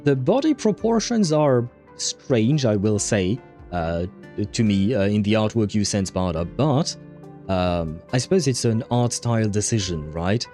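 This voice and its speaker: Rambling low-voiced male streamer. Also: a little slow, darkish tone, faint music behind. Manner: rambling, many fillers, frequent laughs. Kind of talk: casual livestream chat reading viewer comments.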